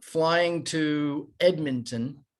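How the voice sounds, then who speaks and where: A man in his fifties, a former baseball player, telling animated, self-deprecating stories as a podcast guest. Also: on the high side, very slow. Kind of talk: casual storytelling.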